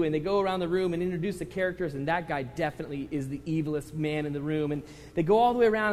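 A man preaching a sermon, his voice sitting high and carrying through a long, reverberant church hall. He talks with the congregation conversationally, then swells into loud, impassioned runs, with a faint hum of ambience underneath. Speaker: pastor.

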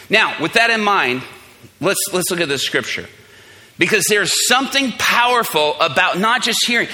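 A man preaching to a congregation, telling a story and acting out the people in it with animated voices. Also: high voice, normal speed. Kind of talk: storytelling sermon.

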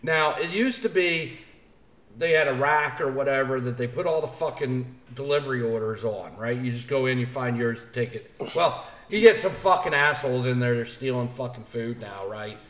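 A man's voice: medium pitch, normal speed, fairly bright tone. A man co-hosting a podcast, ranting in profane, fired-up casual chat about bad service. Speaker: podcast co-host. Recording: roomy echo.

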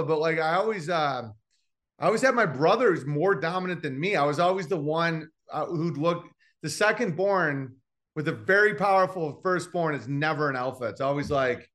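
A brash man spinning rambling stories on a podcast, full of "like" and "you know." His voice sits a little higher than most men's, and he talks as a guest comedian chatting loosely. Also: a bit bright. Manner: brash, rambling storyteller with many fillers. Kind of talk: casual podcast chat.

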